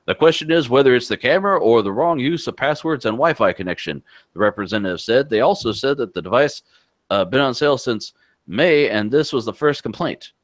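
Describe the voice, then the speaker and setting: A man's voice: mid-range voice, lively intonation, a little fast, dry recording. A man co-hosting a casual tech podcast, reading news stories aloud and cracking jokes between them. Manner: reads news items aloud with asides and jokes.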